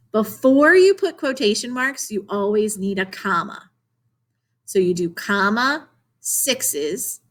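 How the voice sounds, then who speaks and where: A woman's voice: mid-range voice, a bit bright. Encouraging woman teacher giving a lesson. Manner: clear, encouraging classroom delivery with questions to students. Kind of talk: remote video lesson for children.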